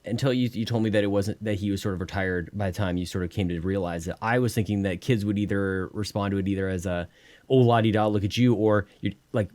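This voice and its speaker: A man hosting a podcast, chatting casually and encouraging his guest with quick replies. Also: fairly low pitch, no room sound. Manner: lively, encouraging listener with frequent laughs. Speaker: podcast host. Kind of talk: casual chat. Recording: dry close audio.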